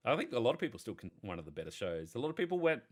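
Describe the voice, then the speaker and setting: A podcast panelist chats casually, rambling through his stories with racing enthusiasm and plenty of profanity. His voice sits at a medium pitch but swings widely up and down.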